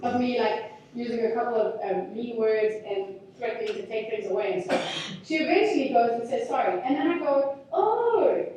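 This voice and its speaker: A woman in her thirties giving a talk, telling stories in a candid, self-deprecating and animated way. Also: on the high side, fairly quick, slight background noise. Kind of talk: storytelling talk. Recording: very echoey hall, mic far off.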